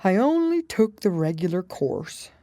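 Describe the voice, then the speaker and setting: A woman voicing a sorrowful male sea creature in an audiobook, with a hollow tone and a slow, mournful, sobbing delivery. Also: on the low side, sing-song, warm tone, no echo, studio quality, pitched above the performer's own voice. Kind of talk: audiobook character reading.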